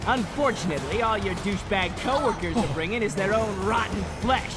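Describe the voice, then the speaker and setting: A man playing a crude vampire thug who sneers and swears through every line, his voice high and bouncing all over the place. It is a comedy parody dub, with loud music pounding behind him. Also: expressive, a little fast. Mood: mocking. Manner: foul-mouthed, sneering taunts.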